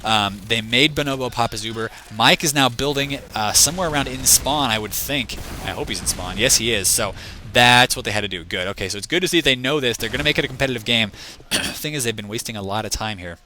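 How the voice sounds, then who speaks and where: Bright-voiced male esports caster, voice fading. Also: mid-range voice, fast talker, slight background noise. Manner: rambling, restless, thinks aloud, chides the camera. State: losing his voice. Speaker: esports shoutcaster. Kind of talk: live game commentary.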